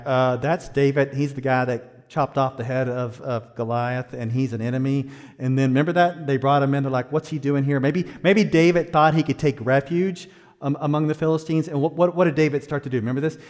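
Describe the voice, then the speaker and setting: A middle-aged pastor preaching a sermon, swinging from hushed, slow phrases to loud, high-pitched exhortation. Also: male voice, big-room sound.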